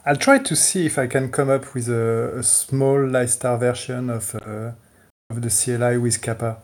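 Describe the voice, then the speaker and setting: A man in a casual online tech call, talking haltingly with many restarts. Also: mid-range voice, fairly even intonation. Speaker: community contributor.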